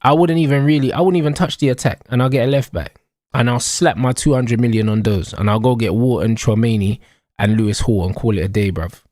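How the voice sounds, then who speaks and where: Speaking briskly in a mid-range, slightly mellow voice, a young man with a London accent goes off about football on a live stream. He's slangy, emphatic and repetitive, leaning on catchphrases again and again. There's no room sound, and the quality is studio-grade.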